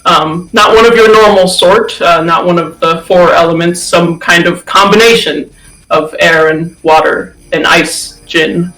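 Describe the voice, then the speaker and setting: A man voicing a gentle, anxious middle-aged male researcher who is also a father, speaking in an earnest, softly pleading way. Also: fairly high pitch, fairly even intonation, measured pace, faint music behind, low-quality recording.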